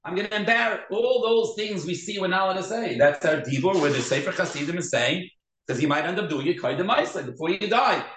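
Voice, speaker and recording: Rabbi type, man, lively Torah class lecture, slightly high voice, roomy echo. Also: fairly quick. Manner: animated, switches between Hebrew terms and English, acts out quoted speech.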